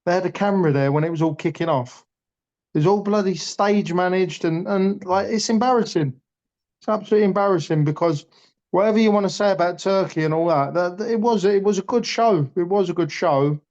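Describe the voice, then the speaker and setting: A fired-up man talking boxing in casual chat, blunt and quick to swear. His voice sits a touch high for a man. The recording is dull and lo-fi. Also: a little mellow. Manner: blunt, passionate, swears freely. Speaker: boxing pundit. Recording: dull lo-fi audio.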